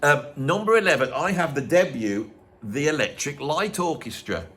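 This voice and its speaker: Animated Brummie man reviewing records. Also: on the high side, moderate pace. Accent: Birmingham. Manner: animated, chatty, quotes himself. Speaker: podcast host. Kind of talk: casual music review chat.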